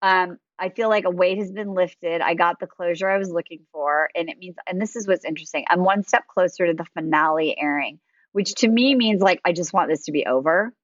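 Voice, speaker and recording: A woman's voice: fairly low pitch, fairly quick, dry recording. Chatty woman podcast host, dry dull sound. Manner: chatty, animated, many fillers. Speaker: dating coach and podcast host. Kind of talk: casual podcast chat.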